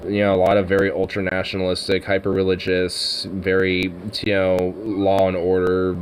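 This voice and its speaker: A man's voice: deep voice, monotone, moderate pace, slight background noise. A young man in casual chat, rambling and swearing with lots of fillers, at times cooing to his puppy. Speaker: vlogger.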